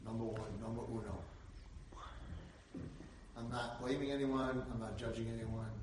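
A man giving an inspirational Torah lecture, telling a story and building to loud, emphatic peaks. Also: mid-range voice, steady tone, normal speed, far from the mic, noisy background. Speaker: rabbi lecturer. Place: lecture hall. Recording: echoey hall, speaker away from mic.

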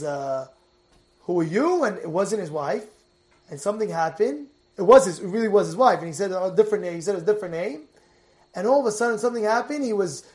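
A male rabbi preaches a sermon with a very high-pitched voice. He is animated and repeats himself for emphasis, and now and then his voice swells into a shout. The delivery feels like an informal talk to a congregation. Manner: animated, repetitive, bursts into shouting.

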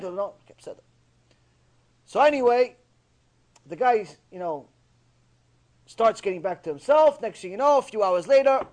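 Guy with a high voice teaching a torah lecture, tells jokes and acts out the characters. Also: animated, moderate pace, long pauses. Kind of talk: mussar lecture with storytelling.

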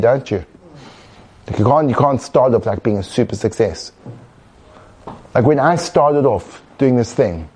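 A man explaining ideas in a relaxed podcast chat, animated and acting out inner voices. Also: medium pitch, husky. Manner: animated, acts out inner voices, laughs at own jokes. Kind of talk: conversational explanation.

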